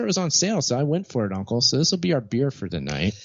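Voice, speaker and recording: A man's voice: mid-range voice, huge pitch swings, quick pace, very noisy. A man co-hosting a casual live show, chatting and reading drink labels aloud. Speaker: co-host. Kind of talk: casual chat. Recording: dull lo-fi sound.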